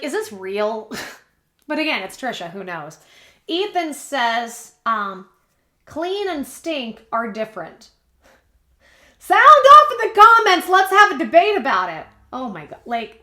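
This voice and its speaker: A woman's voice: on the high side, a bit bright. A woman hosting a commentary video, recapping online drama in a chatty way with wry asides. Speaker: commentary channel host. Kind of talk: gossip commentary, reading and reacting. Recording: echoey room.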